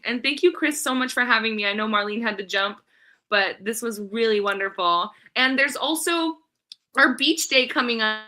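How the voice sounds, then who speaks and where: A woman guest on a podcast talking in a casual, upbeat and eager way, rattling off her contact details quickly. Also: medium pitch, sharp tone. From Southern California. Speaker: podcast guest, nonprofit founder. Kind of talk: casual interview chat.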